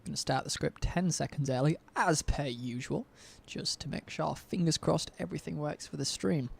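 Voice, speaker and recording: Gravelly man casting a game live. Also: a little high, normal speed. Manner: chatty, self-deprecating, rambling. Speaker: stream caster.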